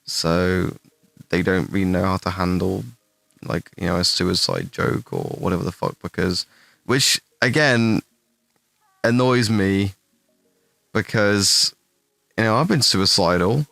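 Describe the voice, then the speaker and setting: A man's voice: low voice, a little slow, vocal fry, pauses often, fairly bright tone, no room sound, faint music behind. A young man with an English West Midlands accent, chatting on a livestream while he answers chat questions in a blunt, profane, rambling way. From England, West Midlands.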